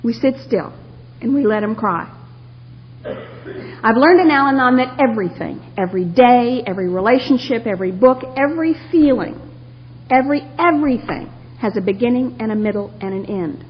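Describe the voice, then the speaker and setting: Her voice on the high side and expressive, a Texas woman shares her personal story at normal speed with a live audience at a recovery meeting, laughing often and weaving in humor. The lo-fi tape from a hall carries slight background noise.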